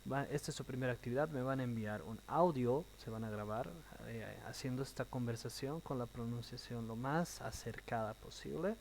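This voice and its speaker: A man teaching an English class, explaining slowly with uh and um between phrases and then translating quickly. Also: medium pitch, a little hiss or hum, low-quality recording. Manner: thinking out loud with uh and um. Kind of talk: recorded online class, switching between English and Spanish.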